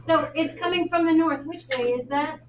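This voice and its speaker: High-voiced woman teaching math, Long Island accent. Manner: brisk, joking, quizzes students. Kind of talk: classroom teaching. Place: classroom. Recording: echoey classroom, faint noise.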